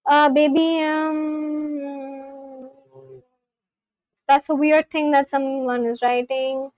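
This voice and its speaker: Young adult Indian woman, Indian English accent, Marathi native, high voice, dry close mic, casual livestream chatter. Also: level tone, extremely slow, darkish tone, no echo, low-quality recording. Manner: chatty, reads out and answers chat comments; frequent ums and likes. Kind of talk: casual live-stream chat.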